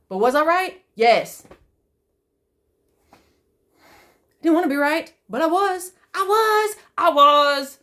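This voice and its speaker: A woman speaking in a fairly high voice in a raw, emotional vlog monologue. She curses freely and repeats phrases over and over, shifting between loud outbursts and hushed, gentle reassurance. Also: animated, slow, pauses often. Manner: swears often, repeats herself, swings from loud to soft. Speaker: vlogger.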